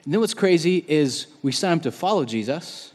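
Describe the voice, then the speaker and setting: A man in his thirties preaching a sermon in a conversational, animated way, acting out the quotes he tells. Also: fairly high pitch, normal speed, slightly rough. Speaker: pastor. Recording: long reverb of a large hall.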